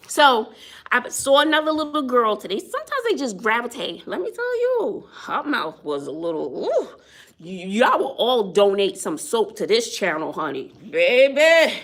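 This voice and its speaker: A woman's voice: fairly high pitch, fairly bright tone. A woman who is a teacher, chatting casually to viewers on a phone livestream, laughing often and greeting people as she tells a story.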